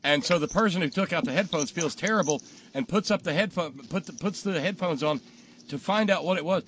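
A man hosting a talk show, telling jokes casually and acting out the punchlines loudly. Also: fairly high pitch, normal speed, slight background noise. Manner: animated storyteller, acts out punchlines loudly.

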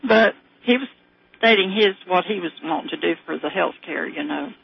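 An older woman with a Southern American accent from the southern United States calls in to a radio show, her voice on the low side and creaky at a moderate pace. She chats casually in a rambling, storytelling way, often laughing, over muffled phone-in audio with a little hiss or hum.

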